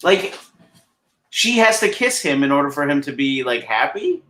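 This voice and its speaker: A man who is a father and podcast co-host, reading a picture book aloud and then ranting playfully about it with quick laughs. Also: on the high side, sing-song, fairly bright tone, echoey room.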